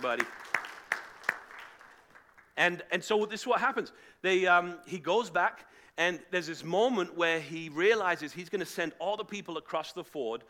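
A man preaching to a live congregation, retelling a story in a casual, animated way and acting out the voices of its characters. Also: a little high. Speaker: pastor. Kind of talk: sermon storytelling. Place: church hall with live audience, also streamed online.

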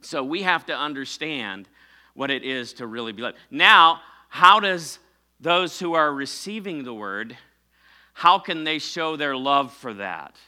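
A middle-aged male pastor delivers a sermon in a loose, conversational way, correcting himself mid-sentence and drawing responses from his congregation. His voice is strikingly bright and forward, sitting somewhat high for a man. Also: animated, unhurried. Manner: preaching with call-and-response to the congregation; fillers and self-corrections, conversational.

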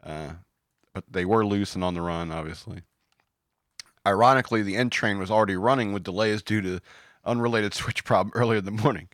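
A man's voice: lowish voice, brisk, fairly bright tone, no echo, studio quality. A man hosting a podcast in casual banter, rambling and joking about news stories. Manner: joking, rambling, puts on silly voices. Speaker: podcast host.

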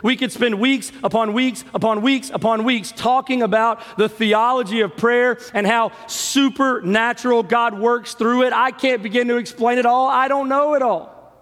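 A man's voice: extremely high pitch, fairly even intonation, normal speed, hardly any pauses, fairly bright tone. A man preaching a sermon as pastor to his congregation, with passionate rising and falling emphasis. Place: church sanctuary with congregation. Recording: long hall reverb with faint music.

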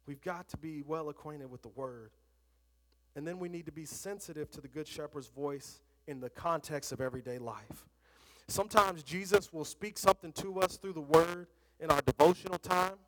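A man's voice: fairly high pitch, normal speed, in a large hall. A middle-aged man preaching a sermon, talking conversationally and telling personal stories. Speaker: pastor.

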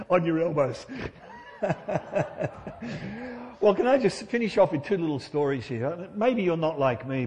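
A man's voice: mid-range voice, darkish tone, big-room sound. Conversational male preacher in church. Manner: conversational, humorous, asks rhetorical questions. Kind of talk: sermon.

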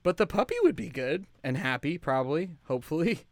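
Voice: mid-range voice, expressive, fairly quick, no room sound. A young adult co-hosting a casual podcast, making dry teasing jokes with hesitant fillers. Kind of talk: casual chat.

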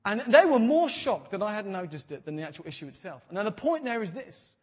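A man in his thirties preaching a sermon as a pastor, animated and jokey, quoting voices and dropping to a hush for effect. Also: sits high, fairly quick, slightly rough. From Britain.

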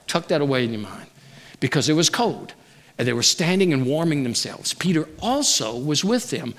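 Lively high-voiced male preacher. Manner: animated preaching, acting out voices from scripture. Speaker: pastor. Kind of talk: sermon.

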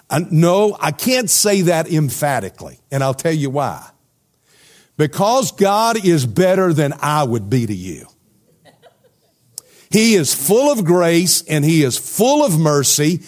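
A man preaches to his congregation. His voice sits a little high, and he keeps checking in with his listeners. He explains in a relaxed, talkative way. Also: a little slow. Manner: conversational preaching with rhetorical questions to the congregation. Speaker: pastor. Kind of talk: sermon.

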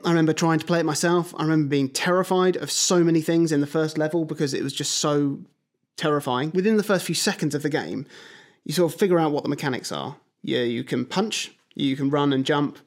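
A man with a somewhat high voice co-hosts a casual podcast. He tells animated anecdotes and briefly acts out the people he quotes. His delivery is conversational and expressive. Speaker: podcast co-host. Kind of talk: casual chat. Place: at a table with his co-host.

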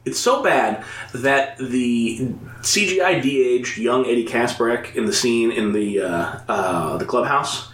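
A man's voice: medium pitch, lively intonation, slow pace, a bit bright, echoey room. A man in casual film talk, wry and joking, often laughing as he speaks.

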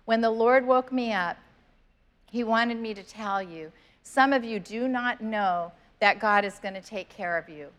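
A woman's voice: a little high, a little slow, a bit bright. A woman pastor giving a sermon in church, earnest and conversational, reading scripture aloud. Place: church sanctuary.

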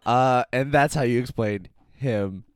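A man's voice: mid-range voice, measured pace, dry recording, clean studio sound. A man co-hosting a podcast, rambling through stories and laughing often. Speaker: podcast co-host. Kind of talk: casual chat.

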